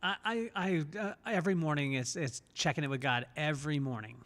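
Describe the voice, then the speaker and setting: A man's voice: on the high side, brisk, a bit bright, in a large hall. A man hosting a podcast, talking in an earnest, reflective way and repeating words as he thinks. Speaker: podcast host. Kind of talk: casual podcast conversation.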